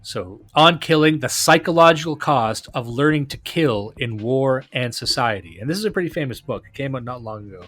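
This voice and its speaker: A man's voice: medium pitch, lively intonation, fairly quick, few pauses, a bit bright. A man hosting a podcast, talking casually and enthusiastically, often restarting and repeating words. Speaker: podcast host.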